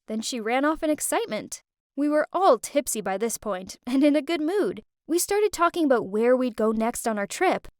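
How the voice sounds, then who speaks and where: A young woman narrating an animated story in first person, chatty and breathless. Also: a little high, dry recording, studio quality.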